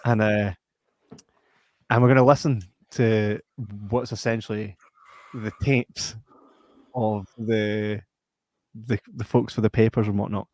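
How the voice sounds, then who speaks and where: A man's voice: lowish voice, level tone, slow pace, long pauses, a little mellow, no room sound. A Scottish man hosting a podcast in casual, blunt, sweary chat. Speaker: podcast host.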